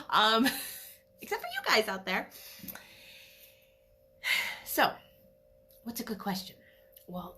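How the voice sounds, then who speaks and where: A middle-aged woman, an animal communicator, giving a chatty, animated solo talk with frequent laughs. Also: on the low side, a little hiss or hum. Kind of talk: casual solo talk to camera.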